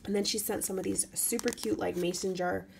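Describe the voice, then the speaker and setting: A woman doing a casual craft unboxing vlog, chatty and gushing, her voice going hoarse. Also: mid-range voice, fairly even intonation, fairly quick, heavy background noise. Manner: gushing, chatty, lots of "so cute" and "you guys". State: voice getting hoarse. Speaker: craft vlogger opening mail.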